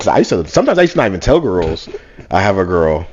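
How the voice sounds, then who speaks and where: A young man co-hosting a casual podcast, telling lively stories and acting out what people said. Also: medium pitch, a little fast, a little hiss or hum. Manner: animated storytelling, acts out quotes. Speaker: podcast co-host. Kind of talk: casual chat. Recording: muffled, dull sound.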